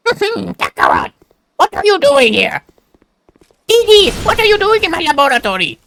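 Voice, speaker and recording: A man's voice: very high voice, wildly swooping pitch, unhurried, bright, forceful tone, a little hiss or hum, pitched above the performer's own voice, exaggerated voice. A man doing a screechy, exaggerated impression of a sneering cartoon villain.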